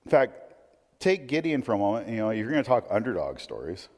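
A man preaching a sermon in a conversational teaching manner, lifting his voice when he reads scripture and dropping low for asides. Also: very animated, brisk, a little mellow. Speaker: pastor. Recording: long hall reverb.

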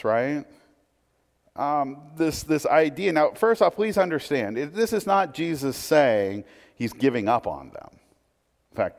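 A pastor giving a sermon, reading scripture aloud and then commenting on it in a conversational way. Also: male voice, a little high, long reverb tail.

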